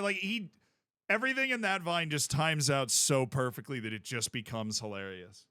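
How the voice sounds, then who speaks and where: Man, game streamer, casual rambling chat, jokey outbursts, bright tone, dry close sound. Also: on the high side, moderate pace, no room sound. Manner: animated, rambling and jokey, with sudden loud outbursts.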